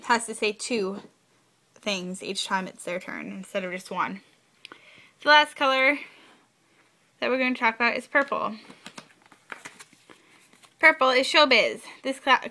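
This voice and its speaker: A young woman talks through game rules for her vlog in a casual, chatty manner, repeating herself for emphasis. Her voice sits a little high and sounds bright and forward. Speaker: vlogger.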